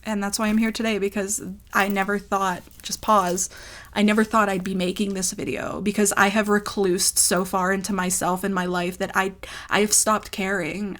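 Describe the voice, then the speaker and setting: A woman's voice: mid-range voice, fairly bright tone. A woman telling a personal story in a vlog, in a rambling, emotional way with lots of fillers. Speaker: ASMR creator.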